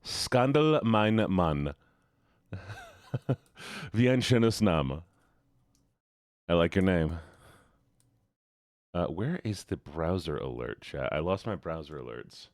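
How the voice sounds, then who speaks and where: Young male streamer, low and lively, rambly, dry sound. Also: slow, pauses often, dry recording. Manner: chatty, rambling, repeats words, laughs often. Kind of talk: casual chat with viewers.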